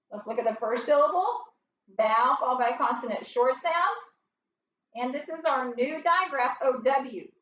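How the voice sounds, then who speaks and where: A middle-aged woman teaches first grade phonics, spelling out each step in a patient, unhurried way. Her voice sits high, and she sounds distant, with room echo and a dull tone. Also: a bit bright, slight background noise. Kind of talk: phonics lesson. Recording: roomy, distant, dull home recording.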